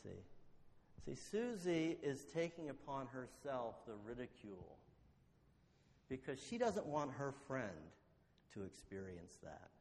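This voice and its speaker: A man preaching a sermon, telling a story and asking rhetorical questions, slowing down to stress key words. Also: mid-range voice, very animated, darkish tone, slight background noise. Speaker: pastor. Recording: long hall reverb.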